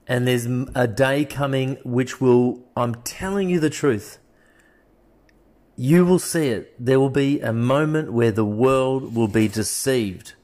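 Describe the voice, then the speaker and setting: A man's voice: medium pitch, a little mellow. A man preaching a sermon, stacking up emphatic, repeated declarations. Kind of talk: fiery street-style sermon.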